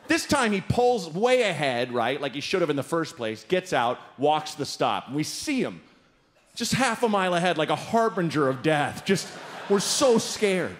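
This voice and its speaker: A man's voice: on the high side, normal speed, a little hiss or hum. A man doing stand-up comedy on a live stage, telling a story and acting out the people in it with big jumps in his voice. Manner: animated, acts out characters with big voice jumps. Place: live stage before an audience.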